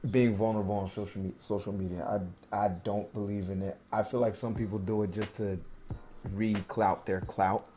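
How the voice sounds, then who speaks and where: A laid-back man in casual podcast conversation, with a lowish voice. He often chimes in with short agreement. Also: level tone, moderate pace, mellow, slight background noise. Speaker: podcast co-host. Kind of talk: casual chat.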